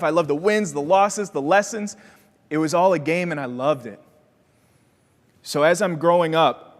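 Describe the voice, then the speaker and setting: A motivational keynote comes from a young man of Wisconsin, USA, who tells his story energetically and performs the voices within it. His pitch runs a bit above most men's, and a large hall gives the sound a long reverb.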